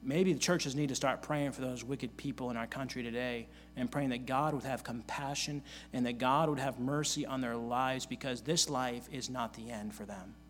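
A man's voice: medium pitch, steady tone, moderate pace, few pauses, slight background noise. A male pastor preaching a sermon in an earnest manner, reading scripture aloud and repeating key phrases for emphasis.

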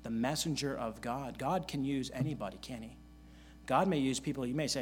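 A man's voice: mid-range voice, fairly quick, breathy edge. Earnest male pastor preaching scripture. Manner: earnest preaching, reading scripture aloud in old-fashioned wording; repeats key phrases for emphasis. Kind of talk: sermon.

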